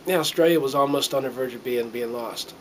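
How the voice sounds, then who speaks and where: A man's voice: medium pitch, fairly quick, a little hiss or hum, low-quality recording. A middle-aged man from the United States talking to a handheld camera in a casual, earnest monologue, rambling with many fillers and restarts and getting a little choked up. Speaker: vlogger.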